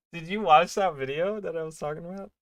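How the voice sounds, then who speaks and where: A man's voice: fairly high pitch, a little fast, dry recording, clean studio sound. A man streaming a game and chatting casually, rambling with many fillers and restarts. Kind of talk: casual livestream chat while gaming.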